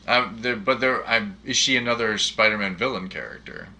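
A man's voice: fairly low pitch, animated, moderate pace, creaky, sharp tone, a little hiss or hum. A man co-hosting a casual movie chat, asking eager, jokey questions. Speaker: podcast co-host.

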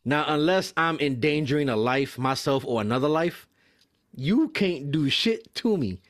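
A young man tells a workplace story on a podcast, loose and profane and full of energy. His voice sits a little high, and he jumps into quick impressions of other people. It is casual storytelling from start to finish. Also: expressive, a bit bright. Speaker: mail carrier.

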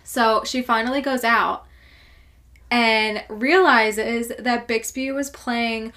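A young woman with a fairly high voice, co-hosting a casual podcast. She tells stories in a loose, rambling way and fills them with "like". Her tone stays conversational and relaxed. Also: slow. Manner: chatty storytelling, lots of "like". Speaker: podcast co-host. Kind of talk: casual chat.

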